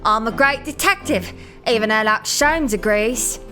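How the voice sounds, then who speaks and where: A woman's voice: a little high, normal speed, over music, lightly acted. A woman voicing a chirpy, cocky female police inspector who talks brash and slangy.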